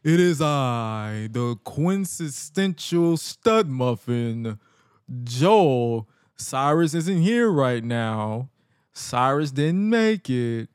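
Brief: man impersonating a boastful male announcer, slow and drawn out, loud, dry. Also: mid-range voice, expressive, clean tone, dry recording. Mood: pompous boasting. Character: pompous male announcer calling himself a stud.

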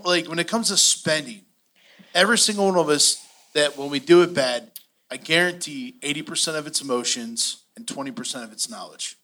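Bright-voiced man teaching a money class. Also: on the high side. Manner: animated storytelling, acts out quotes. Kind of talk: church finance class talk.

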